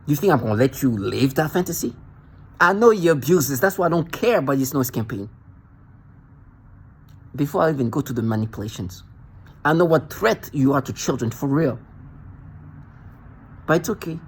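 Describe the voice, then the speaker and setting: A man's voice: mid-range voice, expressive, normal speed, pauses often, husky. A man delivering an angry, accusatory monologue to the camera, ranting and repeating himself in a confrontational way. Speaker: vlogger.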